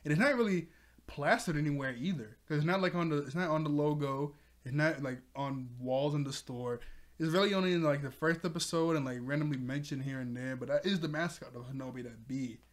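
A man's voice: fairly high pitch, brisk. A man casually recapping a cartoon episode, rambling and laughing often, briefly mimicking characters' lines. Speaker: show reviewer.

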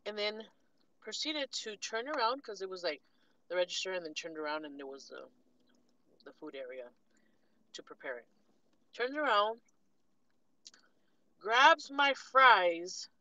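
A woman vlogger telling a casual story with animated, sassy delivery and acted-out quotes. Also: medium pitch, lo-fi sound. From California. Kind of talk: casual storytime while eating.

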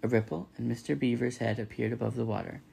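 A man reads a children's novel aloud in a steady storytelling manner. His voice is strongly gravelly and husky, at an ordinary pitch. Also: fast talker. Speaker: reader.

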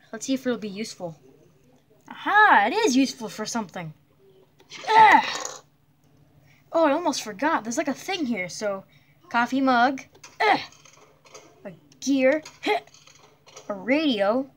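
A woman voicing a jumpy young blocky hero in a cartoon adventure, hesitant, with many nervous pauses and yelps. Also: high-pitched, animated.

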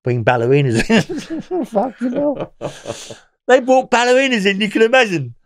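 In a storytelling interview, a former prisoner rambles through his stories, swearing and laughing along the way. His voice is very high-pitched and very animated, moving at a moderate pace.

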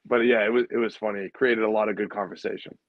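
A man who is a guest musician, telling stories in a relaxed, casual way with lots of fillers. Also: lowish voice, fast talker, no echo, narrow, tinny audio. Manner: relaxed storyteller, many fillers. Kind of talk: casual chat.

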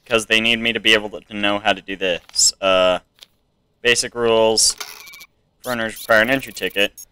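Bright-voiced young man narrating a game. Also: on the low side, fairly even intonation, normal speed, clear, resonant tone. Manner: chatty, reads game text aloud, tries silly accents. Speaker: gameplay streamer. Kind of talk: casual let's play commentary.

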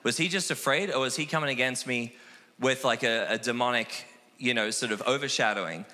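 A man from Australia, a missionary guest telling animated, self-deprecating stories in a casual interview. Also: mid-range voice, fairly quick. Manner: animated, acts out quoted voices, self-deprecating. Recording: long hall reverb.

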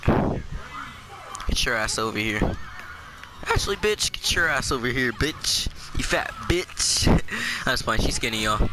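A man giving profane, raging commentary on his own fighting-game match, trash-talking and shouting at the screen. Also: medium pitch, big pitch swings, slow pace, pauses often. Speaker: gaming channel host. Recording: loud background noise.

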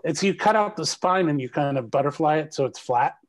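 A man's voice: a little high, fairly quick. Chatty middle-aged man telling stories. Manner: chatty, animated storyteller with laughs. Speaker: actor guest. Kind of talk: casual video call interview.

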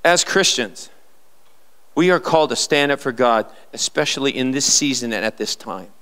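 A man's voice: mid-range voice, animated, normal speed, pushed and bright, smooth. A male pastor preaching a live sermon in church, emphatic and fond of sarcastic rhetorical questions.

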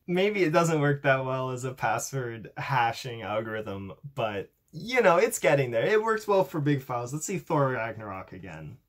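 A man's voice: medium pitch, very animated, moderate pace, few pauses. A young man in a casual tech vlog, chatty and upbeat, showing off a coding project with a self-deprecating humor. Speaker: YouTuber demonstrating a coding project.

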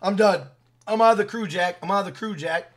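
High-voiced man ranting angrily. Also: a little fast, a bit bright. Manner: profane, heated, repetitive, blunt. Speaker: gaming video creator. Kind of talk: angry rant to camera.

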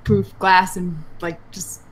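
Woman player, mid-pitched, relaxed, thinking aloud about her character. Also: takes it slowly. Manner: thoughtful, describing her character's actions. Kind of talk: casual tabletop role-play.

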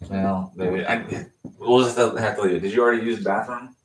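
A man's voice: lowish voice, steady tone, fairly quick, very noisy. A man hosting a puppy livestream from his home, explaining puppy care in a loose, rambling way with lots of fillers and restarts. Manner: coos baby talk to the puppies. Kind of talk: casual livestream chat. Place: home puppy pen, indoors.

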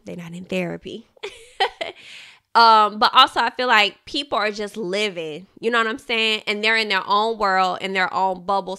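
Bright, clear-voiced woman podcast host. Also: medium pitch. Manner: chatty, animated, laughs often, addresses listeners as y'all. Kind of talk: casual book discussion.

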